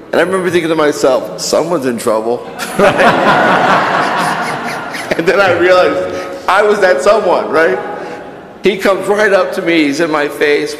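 In church, a Catholic priest with a fairly high-pitched voice speaks at normal speed during Mass, telling personal stories in a conversational sermon. Slight background noise accompanies the distant, echoey recording.

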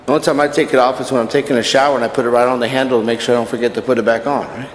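A man's voice: mid-range voice, fairly even intonation, racing, a little hiss or hum. A man giving a conversational sermon at Mass as a Catholic priest, telling personal stories. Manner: conversational preaching with personal anecdotes. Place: church. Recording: echoey church from a distance.

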